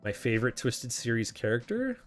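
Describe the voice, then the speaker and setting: A man's voice: medium pitch, very animated, brisk, soft background music. A man hosting a casual chat, answering viewer questions in a rambling, self-correcting way and laughing often.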